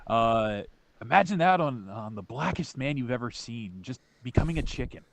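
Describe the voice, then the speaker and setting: A man co-hosting a podcast, telling rambling stories with halting restarts and crude jokes. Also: medium pitch, expressive. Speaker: podcast co-host. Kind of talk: casual chat.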